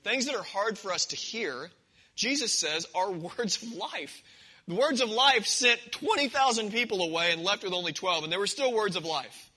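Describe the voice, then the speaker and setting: A man's voice: high voice, moderate pace, bright, forceful tone, low-quality recording. A man preaching a sermon in a conversational, storytelling way, acting out the scenes. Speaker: pastor.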